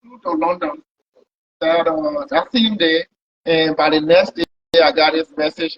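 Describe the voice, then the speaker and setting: A man with a fairly high, steady voice speaks at a measured pace, appearing as a pilot guest who tells the story of his long trip. He rambles casually and often repeats words in this conversational storytelling. The recording sounds dull and lo-fi.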